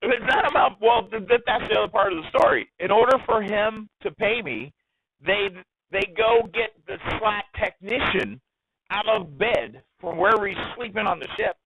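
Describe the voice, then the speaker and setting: A man telling a story as an interview guest, animated and excitable as he talks. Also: sits high, moderate pace, no room sound, muffled recording. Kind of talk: casual storytelling.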